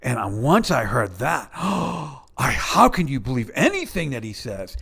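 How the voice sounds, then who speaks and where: A man's voice: medium pitch, sing-song, unhurried, gravelly, a bit bright, breathy edge. A man giving casual commentary in a sarcastic, rambling way.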